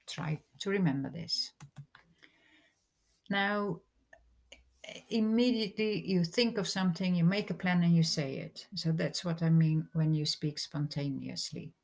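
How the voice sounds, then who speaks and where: A woman's voice: deep voice, vocal fry. A woman, a teacher patiently explaining English grammar in a recorded lesson. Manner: slow, patient explaining with examples.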